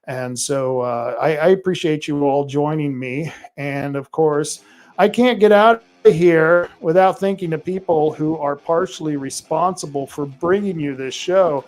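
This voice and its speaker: Country-accented guy hosting a show, kinda high voice, rambly with lots of uhs. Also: unhurried, a little mellow. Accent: American, rural. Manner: rambling, many fillers and restarts. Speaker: podcast host. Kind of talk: casual monologue to listeners.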